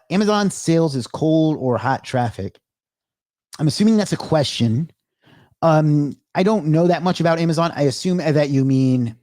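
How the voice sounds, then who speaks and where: Male livestream host, fairly high voice, upbeat, reads chat and thanks viewers, dry close sound, slightly winded. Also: a little mellow, no echo. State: out of breath. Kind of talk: livestream Q&A, reading chat aloud.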